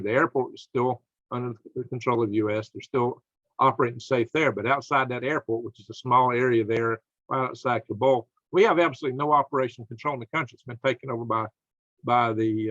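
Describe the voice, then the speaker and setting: A man's voice: medium pitch, no echo, muffled recording. A middle-aged man hosting his own channel, reading news aloud and commenting on it with indignant anger. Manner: angry, indignant, rising to shouts of outrage. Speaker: channel host.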